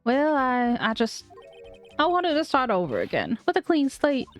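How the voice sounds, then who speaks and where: A woman's voice: sits high, wildly swooping pitch, normal speed, soft background music, pitched above the performer's own voice. A woman voicing a nervous, lovesick young man from a game who stammers and puts on a Southern drawl. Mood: earnest. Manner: stammering, flustered.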